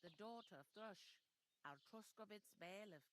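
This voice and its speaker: A woman's voice: medium pitch, moderate pace, slight background noise, lightly acted. A woman voicing a blunt, bossy village innkeeper in a video game. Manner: bossy, plain-spoken, folksy.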